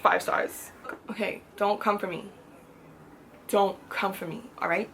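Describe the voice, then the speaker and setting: A woman's voice: medium pitch, fairly even intonation, unhurried, a bit bright, slight background noise. Gushing, chatty woman book vlogger. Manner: gushing, chatty, emphatic repetition. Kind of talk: casual book haul vlog.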